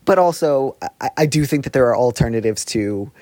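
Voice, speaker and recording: A man's voice: medium pitch, animated, brisk, a little mellow, no echo. Dry-voiced man hedging his advice. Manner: rambling, self-aware hedging. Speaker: guest advice columnist. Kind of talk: casual podcast chat.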